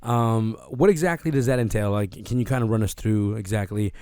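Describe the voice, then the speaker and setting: A man's voice: fairly low pitch, a little fast, warm tone, smooth, no room sound, clean studio sound. A man hosting a casual podcast interview, laughing along and asking loose, rambling questions. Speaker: host.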